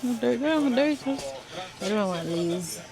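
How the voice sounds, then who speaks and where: A woman's voice: fairly high pitch, animated, normal speed, crowd noise. A young woman, chatting casually to her viewers as she vlogs on snowy streets. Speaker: vlogger. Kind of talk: casual vlog chat.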